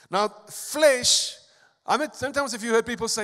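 High-voiced preacher man in a reverberant church hall. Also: moderate pace. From South Africa. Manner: preaching with emphatic rises and soft asides. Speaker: pastor. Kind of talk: sermon.

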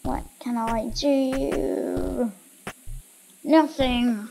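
A woman playing a video game and commenting in a slow, playful, muttering way. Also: high voice, fairly even intonation, gravelly, a little hiss or hum. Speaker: gaming channel host. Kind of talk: let's play commentary. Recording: voice over loud game music.

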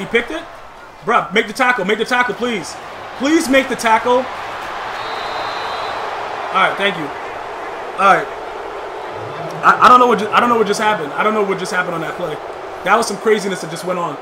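A man giving live gameplay commentary, slangy and trash-talking, bursting into shouts at big plays. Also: high-pitched, noisy background. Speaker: gamer.

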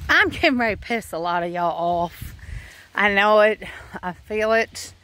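A woman's voice: mid-range voice, animated, moderate pace, fairly bright tone. A woman homesteader, talking frankly to her phone outdoors on her farm, rambling with sighs and fillers. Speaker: homesteader vlogger. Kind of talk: casual talk to camera.

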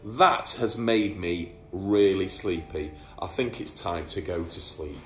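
A man's voice: low voice, takes it slowly. A man, a teacher, reading a rhyming bedtime story aloud in a playful storytelling manner. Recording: echoey room.

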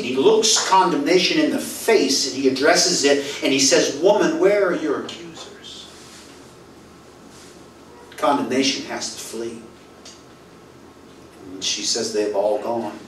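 A male pastor preaching a sermon, telling stories and acting out dialogue, his voice swinging from loud to soft. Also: medium pitch, a little hiss or hum. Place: church hall. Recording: roomy echo, voice from far off, faint ambience.

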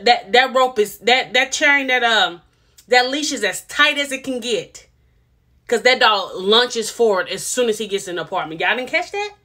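A woman's voice: fairly high pitch, bright, forceful tone. A woman, giving casual, sassy commentary on a reality TV episode and repeating herself for emphasis. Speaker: reality TV reviewer.

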